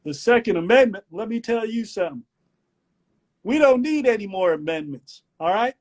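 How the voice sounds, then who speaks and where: A man's voice: sits high, lively intonation, normal speed, a little mellow, pitched above the performer's own voice. A man putting on a blustering country man with a drawling, declaiming delivery. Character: blustering Southern country man giving a speech.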